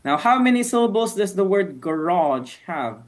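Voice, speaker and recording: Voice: medium pitch, sing-song, normal speed. An English teacher running an online class, encouraging and patient, often saying "okay, very good". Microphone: video call.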